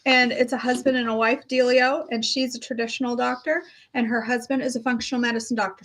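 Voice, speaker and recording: A woman's voice: on the high side, moderate pace, fairly bright tone. A middle-aged woman chatting casually as a health coach vlogger, rambling and self-deprecating as she talks to her viewers. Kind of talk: casual chat.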